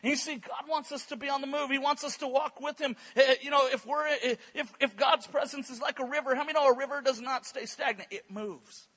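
A man preaching a sermon at a church conference service, telling stories in an animated way and repeating words in quick bursts. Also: very high voice. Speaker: guest preacher. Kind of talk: sermon with storytelling.

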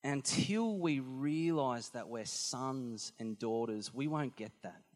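A man preaching a sermon, animated and emphatic, often repeating phrases for effect. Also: mid-range voice, takes it slowly. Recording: long hall reverb.

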